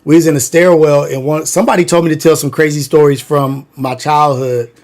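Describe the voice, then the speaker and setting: Casting note: man in his thirties from Long Beach, slightly high voice, rambling slangy storyteller on a livestream. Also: fairly even intonation, fairly quick, a little mellow. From Long Beach, California. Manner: loose slangy storytelling, many fillers. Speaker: livestream host.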